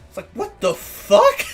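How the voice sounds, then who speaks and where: A woman streamer chatting casually, ranting and swearing with frequent laughter. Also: high-pitched.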